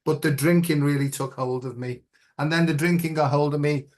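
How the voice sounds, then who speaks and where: Middle-aged male guest, earnest and reflective, voice sitting a bit high, keeps asking "right?". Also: fairly even intonation, a little fast, a little mellow. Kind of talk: personal story in an interview.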